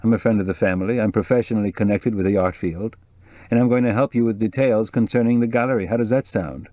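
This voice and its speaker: A man reading the part of a calm reporter who speaks in a kind but firm, soothing way. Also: lowish voice, fast talker, no echo, lightly acted. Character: kindly, soothing middle-aged male reporter. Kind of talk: audiobook dialogue reading.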